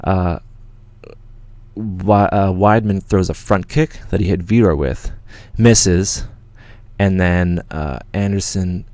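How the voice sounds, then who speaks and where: Canadian dude on a livestream, deep low voice, rambling and swearing, all worked up, dry close mic. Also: male voice, takes it slowly, no echo. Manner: excited, swears a lot, rambling with restarts. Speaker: channel host. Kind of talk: casual livestream storytelling.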